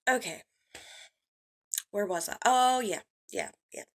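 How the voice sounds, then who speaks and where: A woman's voice: medium pitch, slow. A woman giving blunt, heated drama commentary, swearing freely as she lays out her views. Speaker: commentary YouTuber.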